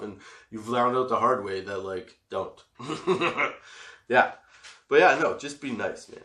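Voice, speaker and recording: A man's voice: mid-range voice, animated, measured pace, background noise. A man telling a story in a casual, profane way, laughing often and re-enacting scenes. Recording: echoey room.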